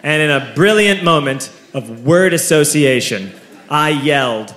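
A man in his thirties telling a stand-up story to a live audience, animated and shouting his punchlines. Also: on the high side, unhurried. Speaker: stand-up comedian. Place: comedy venue with a live audience. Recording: echoey room, crowd laughter, background noise.

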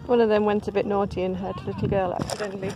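A woman vlogging outdoors on a farm, chatty and excitable, cooing at the animals as she films on her phone. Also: medium pitch, racing, background noise. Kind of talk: casual vlog narration. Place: outdoor alpaca farm field.

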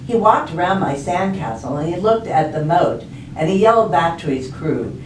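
Librarian reading storytime, unhurried and lively, echoey library room, far from the mic. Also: female voice, lowish voice, slight background noise. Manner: expressive, slow storytelling. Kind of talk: storybook read-aloud. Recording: roomy, distant, faint ambience.

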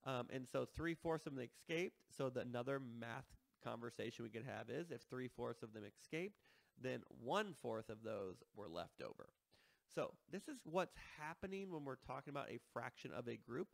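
A man's voice: medium pitch, lively intonation, moderate pace, creaky, no echo. A man teaching a math lesson, explaining step by step and checking in with listeners as he works through problems.

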